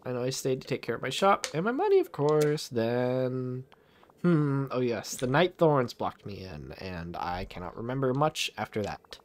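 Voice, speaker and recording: A man's voice: mid-range voice, sing-song, moderate pace, a little hiss or hum, close to an everyday voice. A man voicing an elderly miserly cartoon duck tycoon, reading the game's lines aloud in a mock-grand voice.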